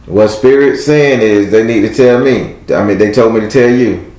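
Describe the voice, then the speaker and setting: Low-voiced tarot reader, male, blunt and preachy, echoey room. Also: normal speed, darkish tone. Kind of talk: live tarot reading.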